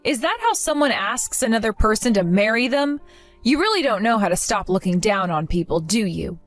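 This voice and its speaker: A woman's voice: mid-range voice, animated, normal speed, no room sound, faint music behind, close to an everyday voice. A young woman playing a jilted bride who talks earnestly and with strong emotion. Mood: cold. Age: young adult. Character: jilted young bride, hurt but determined.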